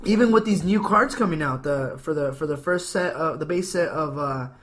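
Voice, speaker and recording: A man's voice: fairly high pitch, normal speed. A man hosting a casual podcast, ranting playfully and joking with his guest. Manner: animated, ranting, jokey. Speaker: podcast host.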